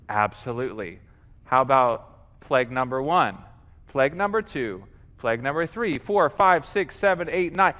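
A man's voice: fairly high pitch, pushed and bright, long reverb tail. A male pastor preaching a sermon, telling stories animatedly, acting out scenes and calling for responses from the congregation.

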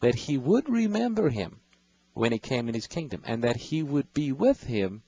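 Radio bible host, male, husky voice, patient explainer. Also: mid-range voice, sing-song, normal speed, dark tone, no room sound, poor audio. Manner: patient, explanatory, reads verses aloud. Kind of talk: explaining scripture to callers.

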